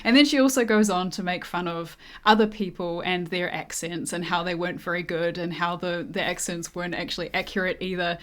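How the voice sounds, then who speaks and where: A woman's voice: lowish voice, fairly even intonation, a little fast, hardly any pauses, fairly bright tone. A woman co-hosting a personality class, explaining definitions step by step in a lesson style. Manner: methodical, lays out definitions step by step. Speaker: co-host teaching personality typing.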